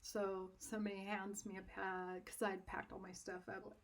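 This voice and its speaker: A woman telling a personal story in an animated, self-deprecating way, laughing often. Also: medium pitch, moderate pace, hardly any pauses. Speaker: art instructor.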